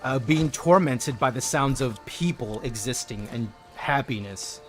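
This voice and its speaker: A man's voice: mid-range voice, a little slow, soft background music. A man livestreaming a game, chatting playfully with his viewers and greeting them by name. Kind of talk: casual gameplay chat with viewers.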